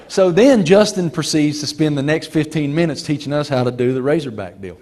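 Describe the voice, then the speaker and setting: A middle-aged man from Virginia, giving an animated storytelling speech to a club audience. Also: on the high side, brisk, hardly any pauses. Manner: animated, does voices in his stories. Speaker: guest speaker. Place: banquet hall.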